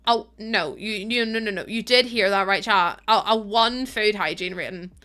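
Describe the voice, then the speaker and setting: A young British woman plays a game on a live stream and chats casually with her viewers in a medium-pitched voice at a moderate pace. Expressive and chatty, she swears freely and laughs a lot.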